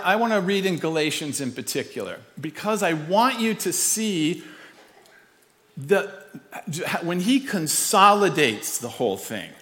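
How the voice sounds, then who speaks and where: A man preaching in a casual, storytelling way, his voice sitting a little high for a man. His delivery is animated and self-deprecating. A long reverb trails each phrase, as if he is speaking in a large church hall. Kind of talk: storytelling sermon.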